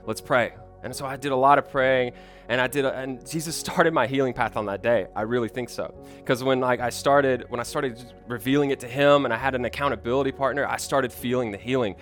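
Earnest young pastor preaching a sermon. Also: male voice, medium pitch, fairly bright tone. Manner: earnest and personal, with frequent restarts.

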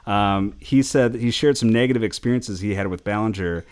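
Male podcast host, low voice, casual, rambling, laughs often. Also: a little fast, clean tone.

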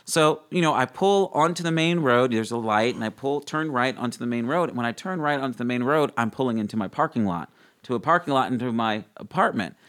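Young male guest, excitable storyteller who jumps into a high voice for quotes and laughs a lot. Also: a little fast. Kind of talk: animated faith testimony in an interview.

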